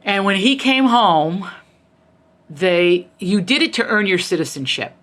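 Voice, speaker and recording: Speaking at a measured pace in a mid-range, slightly bright voice, a middle-aged American author sounds animated as she recounts family tales during an interview. She is passionate and emphatic and readily takes on quoted voices.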